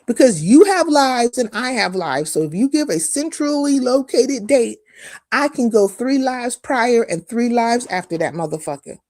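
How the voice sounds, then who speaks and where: A woman's voice: on the high side, lively intonation, moderate pace, darkish tone, no room sound, studio quality. A woman hosting a live stream, delivering a heated, profane, confrontational rant full of mocking asides.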